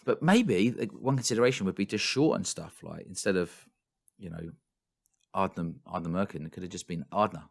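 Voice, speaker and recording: Male podcast co-host, very low pitch, rambling animated storyteller. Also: a little fast, creaky. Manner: animated, rambling storyteller who laughs often. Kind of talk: casual chat. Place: home in London.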